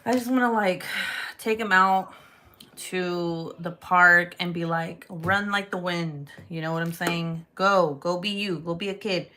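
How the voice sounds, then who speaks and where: A woman chats casually at home while she works on clay crafts. Her voice is bright and clear. She talks candidly, swears freely and laughs often. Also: on the low side, fairly even intonation, measured pace, a little hiss or hum. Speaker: polymer clay crafter vlogger.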